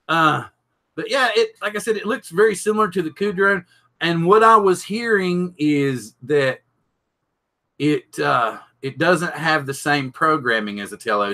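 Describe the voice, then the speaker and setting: A man's voice: on the high side, bright, forceful tone, poor audio. A middle-aged man, hosting a live stream and thinking aloud as he unboxes, chatting with and greeting viewers. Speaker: drone channel host.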